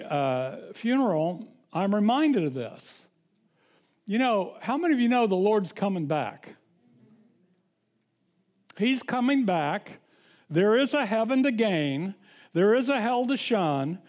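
High-voiced man preaching a sermon. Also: a little mellow. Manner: conversational preaching with restarts and scripture reading. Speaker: pastor.

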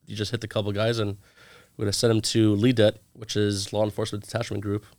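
A man's voice: lowish voice, fast talker, dry recording. A man in his thirties, a guest in a casual interview, telling stories with energy and acting out the lines of the people in them. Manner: animated storyteller acting out quoted dialogue.

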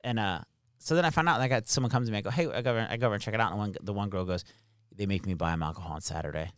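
A man's voice: on the low side, racing, clear, resonant tone, no room sound, studio quality. A man casually telling stories from his time as an army captain, swearing freely and quoting the people involved. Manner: profane, animated, quotes people in his stories. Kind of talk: casual storytelling chat.

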